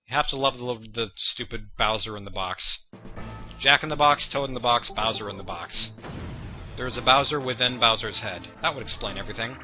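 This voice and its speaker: Bright and forceful in tone, a young man with a mid-range voice gives let's play commentary that meanders and mocks himself. He keeps drifting into chatty tangents, and game music plays under his voice.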